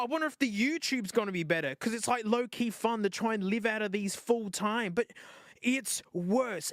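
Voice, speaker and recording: An Australian man unboxing and testing old-style phones in casual, excitable commentary, wry and laughing often. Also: sits high, no echo. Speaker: streamer reviewing phones.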